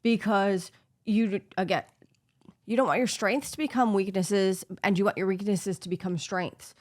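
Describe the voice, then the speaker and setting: A woman's voice: medium pitch, steady tone, moderate pace, a little mellow. A woman co-hosting a casual talk show, speaking earnestly and encouragingly, sometimes quoting scripture. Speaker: podcast co-host. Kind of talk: casual faith-based chat.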